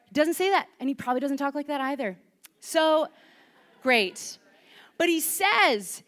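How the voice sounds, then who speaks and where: A woman giving a sermon in church, chatty and lively, asking the congregation questions. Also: high-pitched, measured pace, long pauses. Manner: lively, conversational, asks the audience questions. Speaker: preacher.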